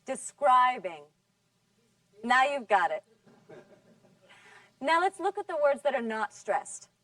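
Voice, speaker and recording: Brief: woman teacher, fairly high voice, patient drill delivery, dry sound from off-mic. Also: sing-song, a bit bright, dry recording, distant mic. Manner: patient, drawn-out model words. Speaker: English teacher. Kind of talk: scripted classroom lesson.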